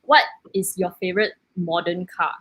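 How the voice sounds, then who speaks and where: A woman's voice: fairly low pitch, normal speed, a bit bright, husky. A woman from Malaysia as a guest on a casual chat show, chiming in eagerly with questions.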